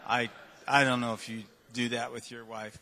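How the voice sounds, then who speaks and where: A man giving an earnest, halting testimony in front of a church congregation. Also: medium pitch, little pitch movement, bright, forceful tone, long reverb tail, slight background noise.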